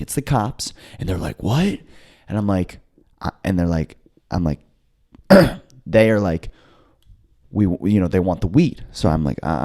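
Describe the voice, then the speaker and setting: A low-pitched young man co-hosts a comedy podcast, telling a story in a casual, animated way. He acts out the voices of the people in his tale.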